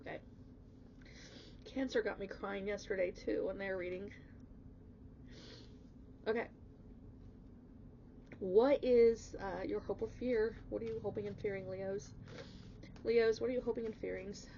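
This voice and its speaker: A woman's voice: mid-range voice, steady tone, measured pace, vocal fry, pauses often, dark tone, highs cut off, slight background noise. A woman giving a casual spoken tarot reading, emphatic and chatty, swearing bluntly and swinging into emotional outbursts. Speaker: tarot reader.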